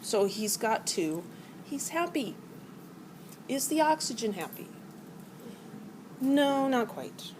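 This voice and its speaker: A woman's voice: fairly high pitch, sing-song, takes it slowly, long pauses, darkish tone, a little hiss or hum, poor audio. A middle-aged woman teaching a college chemistry class, explaining ideas by acting out atoms as arguing characters. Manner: playful, acts out atoms as characters. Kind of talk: classroom lecture.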